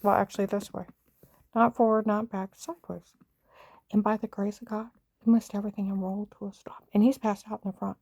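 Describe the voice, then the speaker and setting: Middle-aged mom telling her story, rambly and emotional, warm low-key voice, dry close sound. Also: flat delivery, fast, dry recording. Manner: rambling, emotional, many fillers and restarts. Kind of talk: casual personal storytelling.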